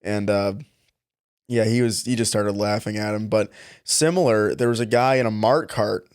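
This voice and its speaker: A young podcast co-host swaps retail work stories in casual conversation, laughing often and animatedly acting out customers' voices. His fairly low voice moves at normal speed, clean and studio quality with no room sound.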